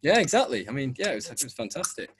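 A man's voice: mid-range voice, very animated, quick pace, noisy background. A young man hosting a podcast, chatting casually, rambling and laughing often. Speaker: podcast host. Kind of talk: casual chat.

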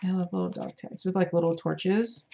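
A tired adult mother, yawning as she goes, chats through a casual craft vlog and gushes over each supply with lots of fillers. Her voice sits on the low side with vocal fry and a mellow tone, at normal speed, and the recording has a lo-fi sound.

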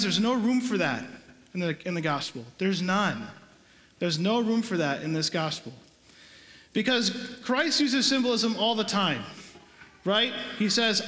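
Emphatic priest in a reverberant church. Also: male voice, high-pitched, bright, forceful tone. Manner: emphatic, conversational preaching with rhetorical questions. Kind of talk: sermon. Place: large church. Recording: echoey church with long reverb.

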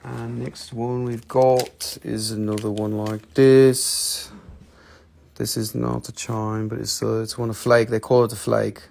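A man's voice: lowish voice, little pitch movement, measured pace, gravelly, a little mellow. A man hosting a live online sale, talking casually and enthusiastically, rambling and swearing now and then. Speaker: host selling rocks and minerals on a live stream. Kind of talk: casual live sales chat.

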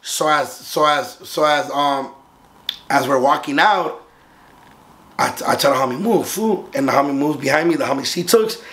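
A man's voice: mid-range voice, moderate pace. A young man from Southern California casually telling a story as a vlogger, swearing freely and acting out the voices of the others in it. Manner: profane, animated, acts out the other voices.

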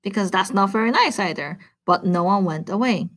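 A woman teacher reading a picture book aloud to children, animated and adding chatty asides. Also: medium pitch, fairly quick.

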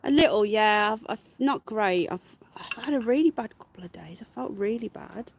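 A woman hosting a casual livestream, unwell with her voice going, chatting to viewers and cooing at her pets in a high, slow baby voice. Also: lively intonation, a little hiss or hum. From United Kingdom. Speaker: livestream host. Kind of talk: casual live-stream chat. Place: garden outdoors.

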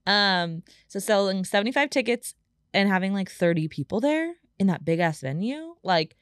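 A woman's voice: medium pitch, animated, normal speed, no echo. A young woman hosting a solo podcast, talking in a chatty, emotional way and leaning on "like" a lot, recorded in a podcast studio. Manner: chatty and emotional, heavy use of "like". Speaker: podcast host.

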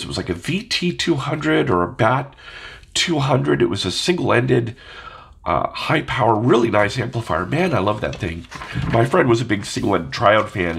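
A man's voice: medium pitch, creaky, slight background noise. A man with a stuffed-up nose talking casually to camera, musing and asking his viewers questions. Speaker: audio vlogger.

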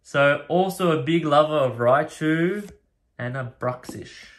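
A man casually opens card packs, reading each card's name aloud one by one and getting excited over the rare pulls. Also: on the high side, unhurried, a little hiss or hum. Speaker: card collector opening packs. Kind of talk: casual pack-opening commentary. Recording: card and wrapper rustling behind voice.

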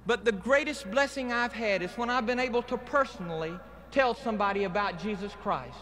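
A Southern man with a high, bright voice gives an earnest testimony in a plain-spoken preaching cadence. His words ring out with long stadium reverb on an old archival live recording, over a faint hiss. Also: a little fast. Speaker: guest speaker giving testimony. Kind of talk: evangelistic testimony speech. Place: outdoor stadium rally.

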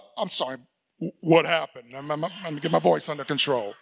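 A middle-aged man preaching a sermon as pastor, telling a story, acting out the people in it and shouting for emphasis. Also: on the high side, fast, gravelly, slightly rough.

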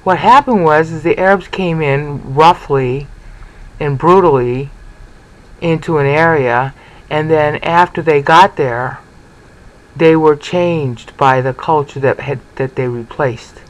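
A man's voice: fairly high pitch, slow pace, low-quality recording. A man giving an informal Bible history lecture, chatty and often checking in with "okay?". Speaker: Bible teacher. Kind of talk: informal lecture over slides.

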